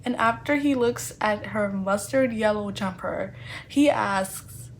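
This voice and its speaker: A woman chatting casually in a book review vlog, animated and playfully sarcastic, with lots of fillers. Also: mid-range voice, slow pace, a little hiss or hum.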